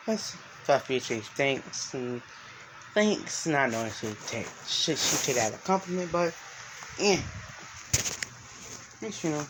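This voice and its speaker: A man improvises a story as he goes, his middle-pitched, slightly bright voice expressive yet plain and unhurried throughout. He rambles, circles back, restarts sentences, and fills gaps with "you know" and "uh." The low-quality recording carries a little hiss or hum.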